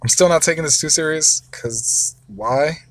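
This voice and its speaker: A father giving gameplay commentary, excitable, wailing and shouting whenever a battle goes badly. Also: fairly high pitch, moderate pace, no room sound. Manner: excitable, wails and shouts over losses. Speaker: father, mobile gamer.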